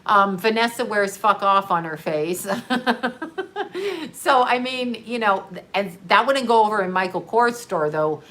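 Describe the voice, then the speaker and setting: A woman talking casually on a live stream, animated and sarcastic, often breaking into laughter. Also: medium pitch, unhurried.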